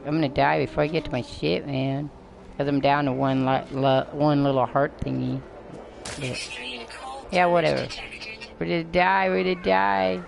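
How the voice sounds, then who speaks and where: A woman's voice: a bass voice, steady tone, normal speed, gravelly, background noise. An older woman rambling through live gameplay commentary, chatting to herself and her viewers and swearing now and then. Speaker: game streamer. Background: game music.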